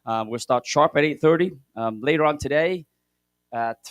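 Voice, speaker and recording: A man hosting a live conference from the stage, energetic and hyped, his voice slightly hoarse. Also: fairly high pitch, moderate pace, no echo. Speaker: event host. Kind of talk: live event emcee talk.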